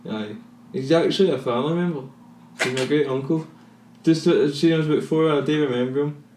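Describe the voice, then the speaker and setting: A man's voice: a little high, a little fast. A Scottish man co-hosting a podcast, chatting casually, rambling off on tangents and swearing freely. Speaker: podcast co-host. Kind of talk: casual banter. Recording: roomy echo, far from mic, faint noise.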